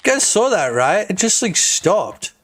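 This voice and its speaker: A man streaming his game development, chatting casually, excitable, laughing and swearing a lot. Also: sits high, unhurried. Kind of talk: casual live-stream chat.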